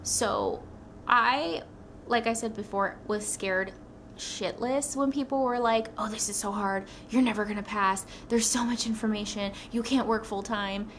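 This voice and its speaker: Young woman vlogging, rambly and excited, bit of fry in her voice, faint room hum. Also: on the high side, measured pace. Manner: rambling, excitable, says "like" often. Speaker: new nurse vlogger. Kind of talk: casual personal story to camera.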